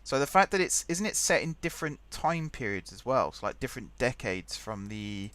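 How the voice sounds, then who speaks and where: A man's voice: medium pitch, very animated, normal speed, a bit bright, no echo. A young man hosting a game let's play, rambling chattily and thinking aloud as he types. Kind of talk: casual gameplay commentary.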